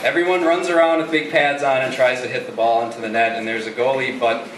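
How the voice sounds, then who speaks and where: A man doing a hesitant, halting stand-up routine at an open mic. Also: mid-range voice, steady tone, far from the mic, a crowd in the background. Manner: hesitant, halting, restarts often. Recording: echoey room, mic from afar, noisy.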